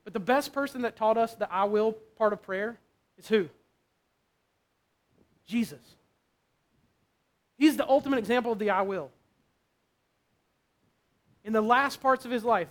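A man's voice: sits high, a little fast, pauses often. A male pastor preaching a sermon in a conversational way, often checking in with his listeners.

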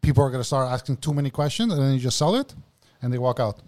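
A man's voice: medium pitch, expressive, fast, darkish tone. A man co-hosting a podcast, chatting casually and explaining things at length, often saying "bro". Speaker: podcast co-host.

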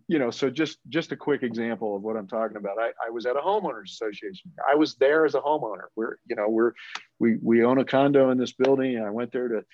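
A man's voice: mid-range voice, a little mellow, dry recording. Male church leader, earnest storyteller, restarts often, muffled lo-fi dry recording. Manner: earnest, rambling, full of restarts. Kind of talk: conversational storytelling. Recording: muffled lo-fi audio.

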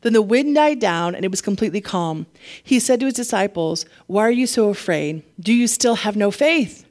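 A woman pastor preaching a sermon, animated and laughing often, getting emotional at times. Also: medium pitch, normal speed.

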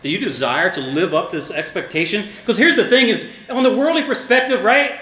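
Male preacher, high-pitched and animated. Sermon with humorous asides, in an echoey hall. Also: a little fast. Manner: animated, joking asides, repeats words. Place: church hall.

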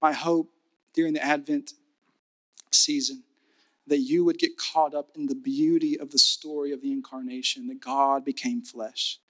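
A man preaching a sermon as pastor, building to fervent repeated declarations and then dropping to a soft, intimate tone. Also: fairly high pitch, steady tone, normal speed.

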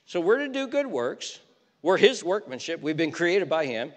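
Lively, emphatic male preacher. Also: sits high, big-room sound. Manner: emphatic, slows down hard on scripture quotes. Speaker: pastor. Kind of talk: sermon. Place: church.

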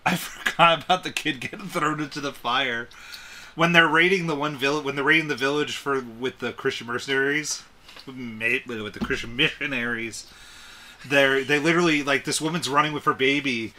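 Bright-voiced rambling man. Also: medium pitch, normal speed. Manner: rambling, laughing, filler-heavy. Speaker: podcast co-host. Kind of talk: casual movie review chat.

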